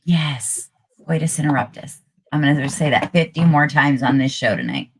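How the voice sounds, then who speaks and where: A woman's voice: low voice, animated, moderate pace, a little hiss or hum. A middle-aged woman co-hosting a casual talk show, brash and bawdy, cracking jokes. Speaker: co-host.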